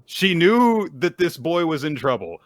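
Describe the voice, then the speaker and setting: A man co-hosting a casual recap chat, retelling scenes with lively quoted voices. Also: a little slow, no room sound. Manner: animated retelling, jumps high when quoting characters. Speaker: podcast co-host.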